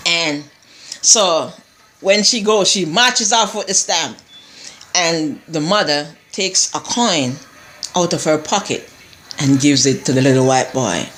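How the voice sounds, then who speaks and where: A woman's voice: low voice, lively intonation, slow pace, fairly bright tone, a little hiss or hum. Woman reviewer, chatty, rambling recap, lots of asides and restarts. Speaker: TV show reviewer. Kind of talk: casual episode recap chat.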